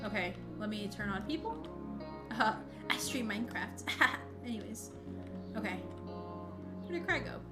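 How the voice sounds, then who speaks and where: A woman live streamer chatting casually, singing along to songs and breaking into loud excited outbursts. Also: mid-range voice, measured pace, pauses often. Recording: loud music over the voice. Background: loud pop music playing.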